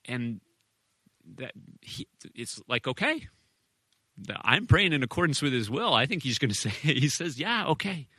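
Guy pastor in his 30s, earnest personal sermon, lots of restarts, bright tone, dead dry sound. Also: medium pitch, big pitch swings, husky, no room sound. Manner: personal, earnest, halting with restarts and short laughs.

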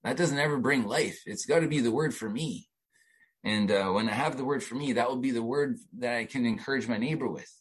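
A man's voice: medium pitch, a little fast, breathy edge, rough recording. A middle-aged man preaching a sermon in a conversational way, with frequent restarts and asides. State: emotional, near tears while reading. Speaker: pastor.

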